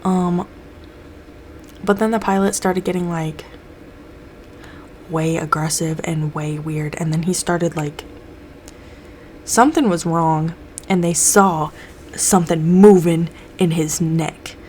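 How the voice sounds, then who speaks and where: A young woman chats through a TV episode recap in a loose, profane way, jumping into the characters' lines as she goes. Her voice sits a little low, and a faint hiss of background noise runs under it. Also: steady tone, slow, long pauses, a little mellow. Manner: loose, swears a lot, acts out characters' lines. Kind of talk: casual recap chat.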